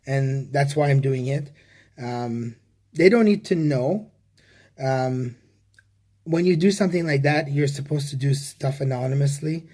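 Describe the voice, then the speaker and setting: A man speaking to camera in a rambling personal confession, halting with many restarts and casual swearing. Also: mid-range voice, darkish tone. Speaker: vlogger.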